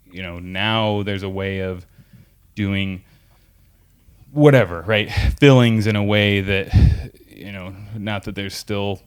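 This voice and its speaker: A male podcast host with a low, deep voice who talks in a loose, casual way. His questions ramble, and he keeps restarting them with fillers before he reaches the point. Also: steady tone, slow, clear, resonant tone. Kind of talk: casual interview chat.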